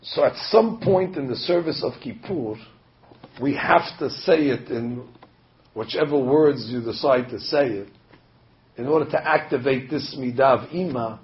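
A man, a rabbi, preaching a sermon with animated storytelling, acting out the voices he quotes. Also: fairly high pitch. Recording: dull lo-fi recording.

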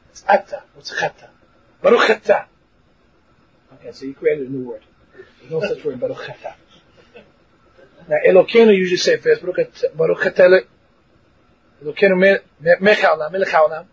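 A man teaching a Torah lesson in a lively, animated way, mixing Hebrew and English, acting out voices and laughing along the way. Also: fairly high pitch, slightly rough. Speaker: rabbi teaching a class. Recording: dull lo-fi recording.

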